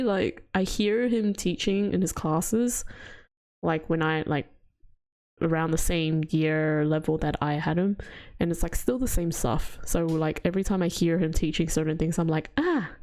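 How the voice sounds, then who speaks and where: A woman's voice: low voice, fairly even intonation, moderate pace, darkish tone. A woman streaming a game, chatting casually with frequent laughs and a chatty, rambling manner. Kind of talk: casual livestream chat.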